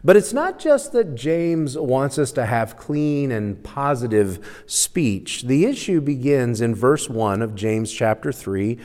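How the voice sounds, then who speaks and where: A male pastor delivers a sermon in a relaxed, conversational storytelling style and chuckles now and then at his own humor. His voice sits at a middling pitch. A long hall reverb fills out the church sanctuary. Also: slow, few pauses.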